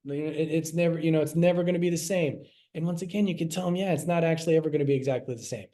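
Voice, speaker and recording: A middle-aged man gives a relaxed class in a mellow, warm voice that sits a touch high for a man. He talks casually, restarts and repeats phrases, and slips into short acted quotes. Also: very fast. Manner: conversational, repeats himself, acts out quoted lines. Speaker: health class presenter. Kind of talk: casual teaching talk.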